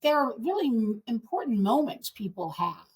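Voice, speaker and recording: A middle-aged woman, the hosts' mother, chatting as a guest on a podcast and telling stories in an animated, emotional way, acting out what others said. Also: a little high, moderate pace, background noise. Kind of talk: casual chat.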